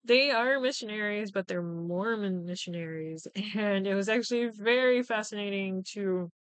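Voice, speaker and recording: Young woman host, casual chatty recap, lively and profane, smooth clear voice, dry close mic. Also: mid-range voice, moderate pace, dry recording. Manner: animated, swears freely, acts out quotes. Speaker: podcast host. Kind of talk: casual chat recapping shows.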